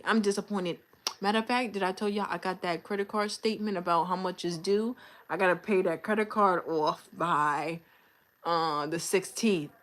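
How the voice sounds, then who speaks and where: Venting candidly during a laid-back livestream she hosts, a young woman chats loosely with a fairly low-pitched voice that has a slightly bright quality.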